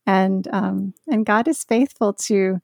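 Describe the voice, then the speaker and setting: A woman speaking as a podcast guest in a Christian conversation, earnest and heartfelt, with soft laughs. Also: medium pitch, slow, vocal fry, no room sound, clean studio sound.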